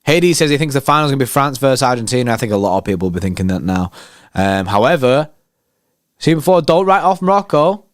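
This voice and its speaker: Excitable lad, smooth voice. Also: male voice, mid-range voice, fast talker, no echo, studio quality. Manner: excitable, slangy, banter with chat. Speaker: fan channel host. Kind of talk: live match watchalong commentary.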